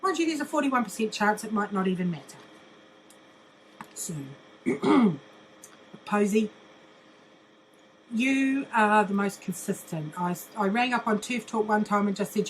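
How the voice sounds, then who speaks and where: Older New woman, blunt sweary vlog rant, mocking tone, medium pitch, faint background hiss. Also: unhurried, pauses often, low-quality recording. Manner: blunt, mocking, swears constantly, laughs often. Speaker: vlogger. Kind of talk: profane ranting monologue.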